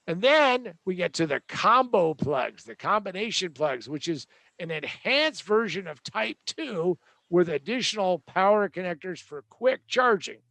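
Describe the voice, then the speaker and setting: A man's voice: sits high, sing-song, measured pace, gravelly, bright, forceful tone, dry recording. A man hosting a show, delivering a joking, sarcastic tech rant with a rambling manner. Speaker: host.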